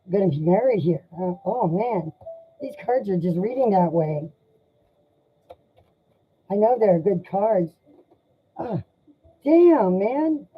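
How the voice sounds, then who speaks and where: A woman doing a live tarot reading, speaking in an emotional, sympathetic and halting way. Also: fairly low pitch, slight background noise. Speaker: tarot reader. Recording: dull lo-fi sound.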